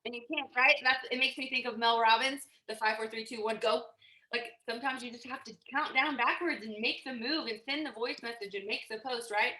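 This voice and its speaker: A woman giving an energetic motivational talk, emphatic and acting out little quotes. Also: a little high, fairly quick. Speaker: motivational speaker. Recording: echoey room.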